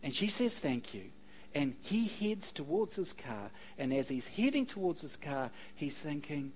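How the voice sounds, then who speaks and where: A man preaching a sermon. His pitch leaps and falls as he acts out the stories he tells. He throws in quick joking asides to the congregation. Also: big pitch swings, a little hiss or hum, low-quality recording. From New Zealand. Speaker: pastor.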